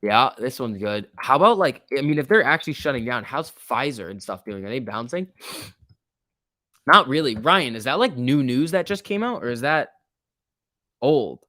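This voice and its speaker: A man's voice: mid-range voice, moderate pace, no room sound, clean studio sound. Chatty young man streaming stock talk. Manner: chatty, reads chat messages aloud, jumpy and excitable. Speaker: stock livestream host. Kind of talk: casual livestream commentary.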